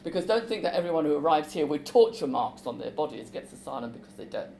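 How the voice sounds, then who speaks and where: A woman author talking about her visits to schools, lively and chatty. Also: sits low, quick pace, echoey room, a little hiss or hum, rough recording. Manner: lively, chatty, with fillers and restarts. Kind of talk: talk with a book reading.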